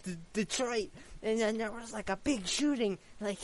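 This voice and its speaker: A man's voice: high-pitched, normal speed. A man telling an improvised, rambling story full of stammering restarts.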